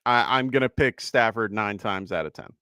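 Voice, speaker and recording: A man hosting a live fantasy football stream, chatty and quick to laugh as he thanks viewers. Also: lowish voice, sharp tone, clean tone, no echo, studio quality. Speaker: fantasy football show host. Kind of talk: live-stream casual chat.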